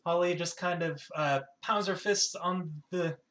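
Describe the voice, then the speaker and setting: Guy running a tabletop game, kinda high voice, rambles a lot. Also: a little slow, fairly bright tone. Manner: rambling, lots of fillers. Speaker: game master.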